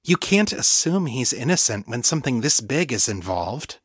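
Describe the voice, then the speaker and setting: A man's voice: mid-range voice, very animated, moderate pace, fairly bright tone, husky, no room sound, clean studio sound. Man doing a blunt, skeptical young telepath woman.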